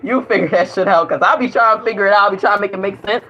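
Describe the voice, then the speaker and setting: A woman's voice: medium pitch, rapid-fire, bright, forceful tone, a little hiss or hum. Rambling, laughing woman on lo-fi audio. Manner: rambling, profane, laughs often. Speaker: vlogger. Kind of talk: casual spiritual monologue. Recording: dull lo-fi recording.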